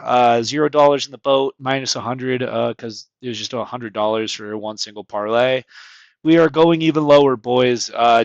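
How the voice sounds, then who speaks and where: A man's voice: mid-range voice, no room sound, dull audio. A man co-hosting a casual sports betting podcast, recapping his losing picks with wry, self-mocking humor. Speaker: podcast co-host.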